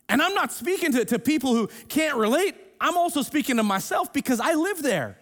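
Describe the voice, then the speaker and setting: High, animated preacher man. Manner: emphatic, swings from hushed to loud. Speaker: pastor. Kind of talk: sermon. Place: church sanctuary, streamed online.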